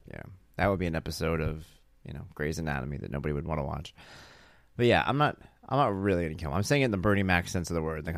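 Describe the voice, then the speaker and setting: A man's voice: low voice, animated, very fast, no echo, clean studio sound. A man in his thirties hosting his own podcast, chatting casually in a rambling, self-deprecating, joking way while sounding tired. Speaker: podcast host. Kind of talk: casual solo podcast chat.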